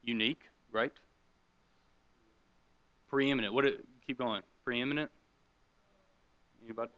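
A middle-aged pastor teaching a class gives an interactive sermon, talking conversationally, asking the room questions, and responding to their answers. His voice is medium-pitched with fairly even intonation and a measured pace. The audio is lo-fi with no room sound.

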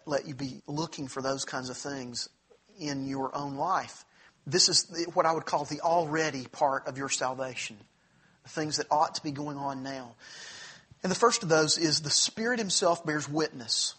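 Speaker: man. Role: Bible class teacher. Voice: forceful, husky, fairly high. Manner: earnest, conversational. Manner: earnest, conversational, with frequent restarts and asides.

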